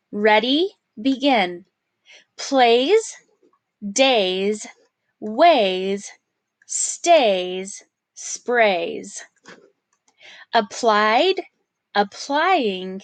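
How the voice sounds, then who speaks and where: A woman's voice: a little high, no echo. A woman teaching a phonics lesson, carefully sounding out words and encouraging the learner, sometimes whispering a word as she repeats it. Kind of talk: slow, clear phonics lesson.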